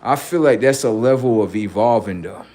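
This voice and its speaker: A middle-aged man rambling profanely to his livestream about his kids, acting out what they say in lively quoted voices. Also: fairly low pitch, normal speed. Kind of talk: casual monologue to a livestream audience.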